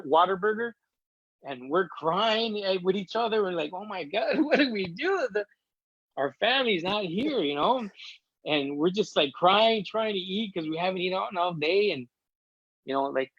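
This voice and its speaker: A man's voice: high voice, a bit bright, no echo, lo-fi sound. Emotional middle-aged man telling a story. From Chicago. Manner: emotional, chatty storyteller acting out quotes. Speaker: interview guest. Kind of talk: casual storytelling interview.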